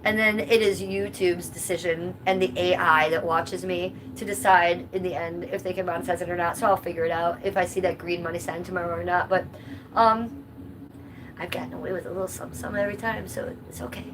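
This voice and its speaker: With a lowish voice and a steady tone, a woman hosts a livestream and reads out comments at a fairly quick clip. She's casual and blunt with viewers, swearing freely over background noise.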